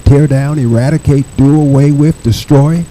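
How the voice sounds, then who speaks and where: A man's voice: fairly high pitch, steady tone, normal speed, warm tone, a little hiss or hum, poor audio. A man in his seventies, a political candidate, delivering an emphatic campaign speech with a repetitive rallying cadence.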